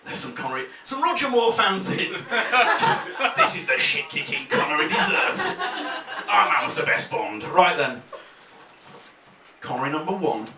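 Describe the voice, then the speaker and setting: A bantering compere from Leeds works the crowd, laughing through his lines and swinging from mutters to shouts. His voice sits high and bounces around a lot. The club is echoey, the mic is far away, and loud noise runs behind him. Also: sing-song, moderate pace, long pauses. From Leeds, England. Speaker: comedy compere. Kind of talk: live stand-up crowd work. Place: comedy club stage.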